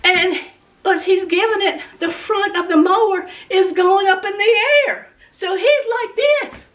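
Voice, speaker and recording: A woman's voice: very high-pitched, unhurried, distant mic. A woman vlogger telling a story dramatically and acting out the scenes for her viewers. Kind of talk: animated storytelling vlog.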